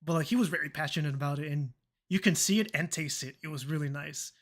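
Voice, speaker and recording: Young adult streamer, mid-pitched voice, loose chatty storyteller who swears and laughs along, acts out every quoted line. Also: fast talker, fairly bright tone. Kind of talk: casual storytelling chat.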